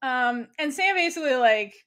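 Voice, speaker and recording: A woman co-hosting a casual recap podcast, animated and acting out characters' lines with frequent laughter. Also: high voice, normal speed. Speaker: podcast co-host.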